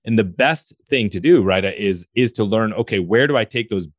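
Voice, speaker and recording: A man's voice: on the low side, expressive, moderate pace, dry recording, studio quality. A man hosting an interview, reflecting on the guest's story and giving advice. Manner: reflective, advising. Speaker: podcast host. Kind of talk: casual interview chat.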